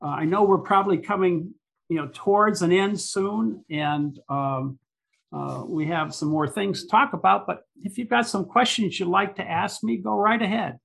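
A man speaks in a gravelly, husky voice that sits a little high. He rambles as he talks, hesitating often and filling pauses with "uh" and "you know.". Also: fairly bright tone. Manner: rambling, hesitant, many fillers. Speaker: environmental activist guest. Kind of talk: casual conversation.

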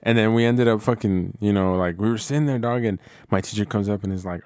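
A man's voice: on the low side, quick pace, darkish tone, smooth, dry recording. A young man co-hosting a podcast, telling a story in laid-back, slangy, profane chat. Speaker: podcast co-host.

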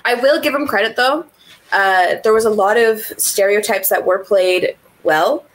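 A woman's voice: mid-range voice, a little slow, a little hiss or hum, poor audio. A woman co-hosting a film review podcast, chatting casually, swearing freely and laughing often. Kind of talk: casual chat.

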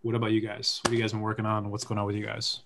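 Actor dude cohosting a podcast, rambly, lots of likes and ums. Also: male voice, fairly low pitch, monotone, very fast, vocal fry, background noise. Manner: rambling, filler-heavy. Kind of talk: casual chat.

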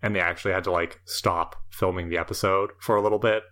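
A man's voice: sits low, steady tone, fast, pushed and bright. A man co-hosting a casual podcast, giving thoughtful, analytical commentary on a TV episode with plenty of hedging fillers. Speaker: podcast co-host. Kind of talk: casual chat.

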